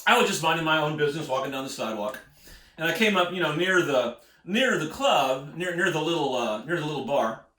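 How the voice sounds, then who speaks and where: A man's voice: fairly high pitch, expressive, brisk, sharp tone. Folksy American man in an echoey room. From United States. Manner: folksy, rambling, chuckles often. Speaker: singer-songwriter telling road stories. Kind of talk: casual spoken storytelling.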